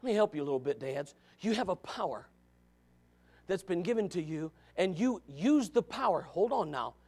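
A male pastor preaching a fiery sermon, swinging from shouts to low asides. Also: animated, moderate pace.

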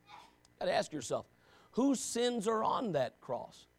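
A man preaching a sermon, moving between quiet, low passages and loud, shouted emphasis, with repeated rhetorical questions. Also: very animated, unhurried, no room sound.

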